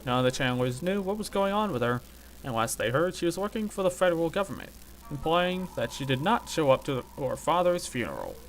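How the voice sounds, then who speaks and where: A man's voice: fairly high pitch, very animated, brisk, soft background music, low-quality recording. A man hosting a casual stream, reading a text aloud with joking asides. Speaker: stream host.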